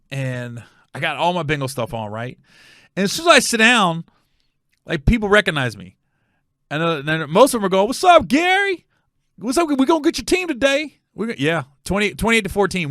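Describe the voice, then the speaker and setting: A man's voice: on the high side, dry recording, clean studio sound. A middle-aged man, a comedian hosting his own show, telling stories in casual chat and acting out the people in them. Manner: animated, acts out voices in his stories. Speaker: comedian and podcast host. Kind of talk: casual storytelling monologue.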